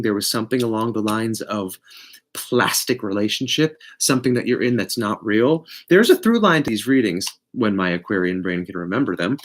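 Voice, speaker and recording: A man giving a casual live tarot reading, blunt and profane, with big swings in pitch and loudness. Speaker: tarot reader.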